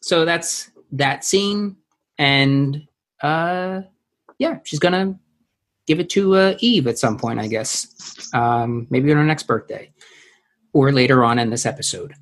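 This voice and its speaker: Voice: mid-range voice, animated, slow pace. A podcast co-host in a casual chat, recapping a TV episode in a loose, rambling way with lots of fillers. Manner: loose and rambling, many fillers, breaks into silly sung impressions.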